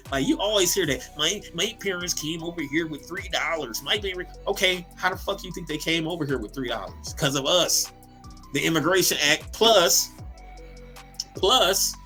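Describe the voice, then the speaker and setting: A man co-hosting a casual comedy podcast, talking in an animated, profane way, laughing often and repeating words as he goes. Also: a little high. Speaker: podcast co-host.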